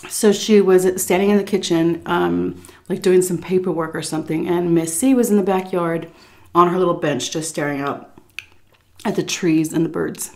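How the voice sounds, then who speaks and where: A woman telling a casual story at her dinner table at home, chatty and full of "like" and "um", pausing now and then to eat. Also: fairly low pitch, steady tone, darkish tone. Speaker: YouTuber telling a story while eating. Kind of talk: casual storytelling over a meal.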